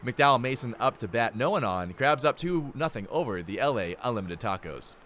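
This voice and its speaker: A man's voice: medium pitch, animated, brisk, fairly bright tone, slight background noise. A young man giving live play-by-play commentary, playful and jokey, with rambling asides. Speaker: play-by-play announcer.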